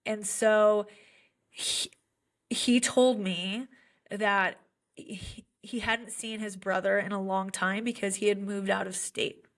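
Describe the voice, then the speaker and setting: Speaking slowly at medium pitch with fairly even intonation, this young woman tells earnest, heartfelt stories on a podcast. She is a special education teacher and uses a lot of fillers.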